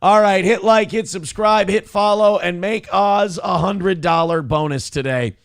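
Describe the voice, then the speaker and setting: A man's voice: high-pitched, unhurried, gravelly, smooth, no room sound, studio quality. A man hosting a morning show, chatting loosely, swearing, laughing and reading viewer messages aloud. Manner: loose, profane, laughing, does mock voices in stories. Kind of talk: casual banter and reading chat messages.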